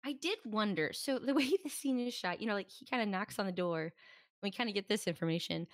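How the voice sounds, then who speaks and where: A woman's voice: mid-range voice, brisk, no room sound. Chatty woman co-host with a mid-range voice who acts out quotes, dry podcast mic. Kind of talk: casual chat. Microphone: podcast microphone.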